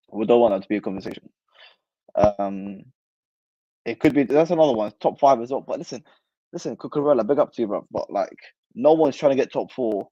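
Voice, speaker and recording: Young guy on a football stream, low dark voice, dry dull mic, slangy and fired up. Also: no echo. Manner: animated, slangy, answers live comments. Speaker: football channel host. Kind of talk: casual livestream chat.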